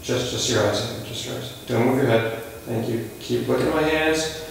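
A man playing a pushy, overexcited male casting director in a comedy sketch who fires off rapid directions and gets loud when he is excited. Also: medium pitch, gravelly, close to an everyday voice. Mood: brisk. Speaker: casting session runner. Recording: echoey room, far from the mic, noisy.

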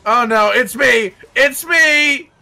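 A man's voice: very high-pitched, slow pace, creaky, pushed and bright, dry recording, shouting, soft background music. A man chatting and joking while gaming, yelping in alarm when things go wrong. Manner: jokey, yelps in alarm. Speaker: gamer. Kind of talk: casual gaming chat.

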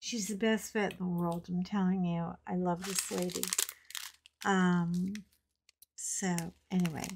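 A middle-aged woman hosts a relaxed crafting chat from home, taking her time with each sentence. She tells stories in a chatty, amused way, laughs often, and drops the odd mild curse word. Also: lowish voice, a little slow, a little hiss or hum. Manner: chatty storyteller, laughs often, colorful swearing. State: recovering from a cough. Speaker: craft channel host. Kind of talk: casual chat while painting.

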